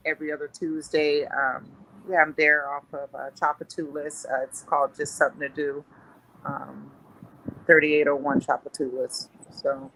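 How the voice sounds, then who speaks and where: Guest: middle-aged New woman, bright tone, laughing and openly emotional, faint hiss behind. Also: sits low, flat delivery, moderate pace, creaky, rough recording. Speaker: guest cast member. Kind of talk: casual chat.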